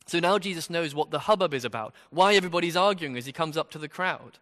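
A man preaches through a passage in an easy, conversational sermon, tossing out rhetorical questions as he goes. His voice is bright and forceful and sits a little high. A long reverb trails behind him. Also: animated, fairly quick, few pauses.

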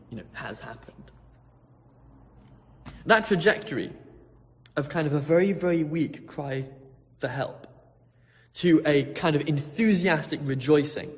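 A pastor preaching a sermon, telling a story vividly, swinging from hushed tones to loud ones. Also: male voice, medium pitch, long reverb tail.

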